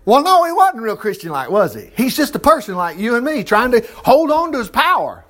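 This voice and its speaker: A preacher, teaching a Bible passage in a chatty sermon full of rhetorical questions. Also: male voice, extremely high pitch, very animated, brisk, few pauses, a bit bright.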